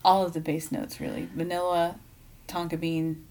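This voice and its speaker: A woman's voice: on the low side, little pitch movement, moderate pace, darkish tone. Chatty woman co-hosting a podcast. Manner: chatty, rambling, trails off and restarts. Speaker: podcast co-host. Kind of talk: casual chat.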